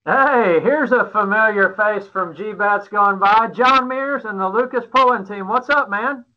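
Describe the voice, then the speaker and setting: A man with a high, bright, forward voice hosts a live stream. His talk is folksy and upbeat, the patter of a promoter who chats with guests and hypes a prize giveaway. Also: a little slow, muffled recording. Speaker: host. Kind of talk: live-stream show hosting and interviewing.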